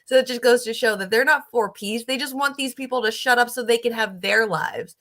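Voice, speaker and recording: A woman's voice: a little high, brisk, bright, forceful tone. A woman hosting a casual reaction video, talking bluntly with profane asides.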